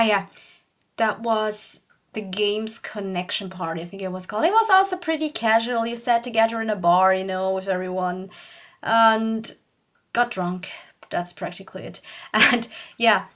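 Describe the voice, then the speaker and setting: A woman's voice: medium pitch, fairly bright tone. Chatty young woman telling a story. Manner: chatty, rambling, laughs often, acts out quotes. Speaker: YouTuber. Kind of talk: casual storytelling vlog.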